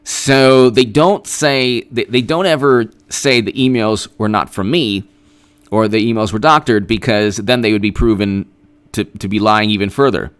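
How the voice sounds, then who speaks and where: A man's voice: fairly low pitch, normal speed, smooth. A man hosting a live-stream political commentary, talking in a sarcastic, rambling, mocking way.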